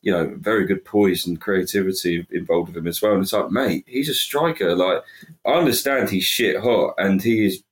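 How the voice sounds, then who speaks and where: Deep-voiced emphatic man. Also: normal speed. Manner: emphatic, repeats words as he builds up steam. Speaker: podcast co-host. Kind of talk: casual football chat.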